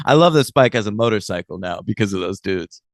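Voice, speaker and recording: A man with a low voice that swings widely in pitch co-hosts a casual recap podcast. He chats freely, laughs often and fills in explanations for his partner. The sound is dry and close. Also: lively intonation, dry recording. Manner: chatty, quick to laugh, offers explanations. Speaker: podcast co-host.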